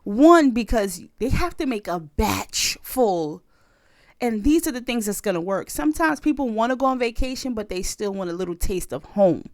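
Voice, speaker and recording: A woman's voice: on the high side, normal speed, no echo, clean studio sound. An American woman co-hosting a podcast, chatting casually and telling stories with lots of laughter. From United States. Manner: animated storytelling, laughs often. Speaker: podcast co-host. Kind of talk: casual chat.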